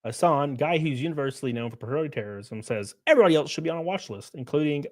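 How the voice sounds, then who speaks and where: A man's voice: a little high, animated, racing. A man hosting a live stream, talking crudely and joking with his chat, laughing often. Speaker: streamer host. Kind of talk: casual live-stream commentary.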